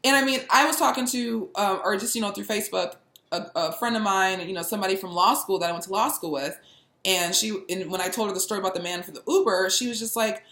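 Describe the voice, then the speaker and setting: Woman host, bright tense voice, animated chat, echoey room. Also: mid-range voice. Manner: animated, laughing, quick to mimic others. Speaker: podcast host. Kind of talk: casual political chat.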